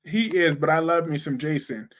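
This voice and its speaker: A young man hosting a casual live chat about soap operas, blunt and animated, answering viewer comments with slang. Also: a little high, moderate pace.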